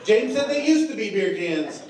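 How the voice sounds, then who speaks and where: Male stand-up comic, high voice, drawling storyteller, on stage in an echoey club, miked from a distance. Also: sing-song, normal speed, a little mellow. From Tennessee. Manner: drawling storyteller with frequent fillers. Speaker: stand-up comedian. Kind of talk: stand-up comedy set.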